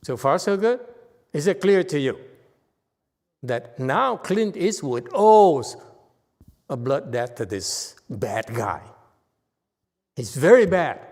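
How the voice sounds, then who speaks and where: Male meditation teacher, Chinese accent, unhurried conversational sermon, long hall reverb. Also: fairly high pitch, darkish tone. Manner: slow, conversational teaching with frequent "okay?" checks. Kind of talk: Dharma talk with audience questions.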